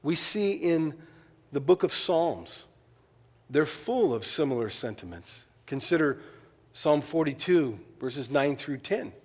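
Pastor preaching in a reverberant hall. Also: male voice, on the high side, slow. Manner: storytelling, animated asides and quoted voices. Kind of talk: sermon.

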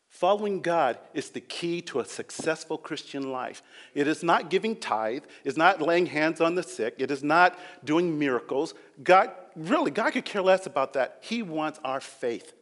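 A man preaching a sermon with earnest swings between loud emphasis and quiet passages, acting out quoted voices. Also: a little high, very animated, moderate pace, hardly any pauses. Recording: long hall reverb.

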